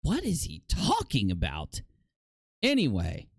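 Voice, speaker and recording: A man's voice: wildly swooping pitch, a little slow, gravelly, dry recording, clean studio sound. A man hosting a casual livestream, reacting with dramatic mock outrage and repeating himself. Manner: dramatic mock outrage, jumping to loud high shouts. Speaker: livestream host.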